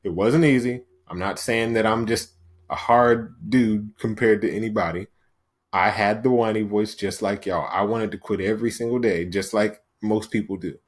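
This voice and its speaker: A man's voice: lowish voice, fairly even intonation, moderate pace. A young man hosting a podcast, delivering an emphatic motivational monologue, often asking "right?" and acting out inner voices. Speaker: podcast host.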